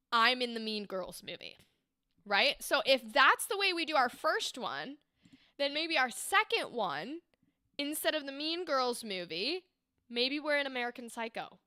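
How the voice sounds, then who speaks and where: A woman's voice: sits high, sharp tone, no echo, studio quality. A woman hosting a livestream, giving bubbly, encouraging critiques of voice acting takes in a chatty way.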